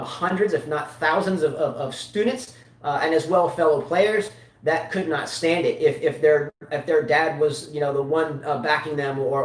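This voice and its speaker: A man hosting a casual live tennis chat show, rambling with many restarts and rhetorical questions. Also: on the high side. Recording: roomy, mic at a distance.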